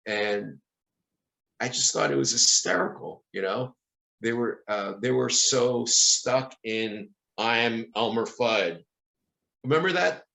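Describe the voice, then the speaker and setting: A man's voice: mid-range voice, lively intonation, measured pace, creaky, bright, forceful tone, rough recording. A man hosting a podcast, chatting casually and playfully, laughing often. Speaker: podcast host. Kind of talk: casual chat.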